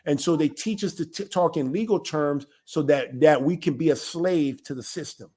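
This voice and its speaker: An elder of a small ministry teaches his viewers informally but emphatically, often posing a rhetorical question and then answering it himself. His voice sits on the high side, with a dark tone and normal speed.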